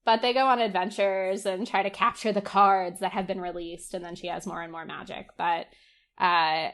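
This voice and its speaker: A woman's voice: lowish voice, flat delivery, normal speed, a bit bright. Chatty young woman podcast co-host. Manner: chatty, many "like" and "um" fillers. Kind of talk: casual chat.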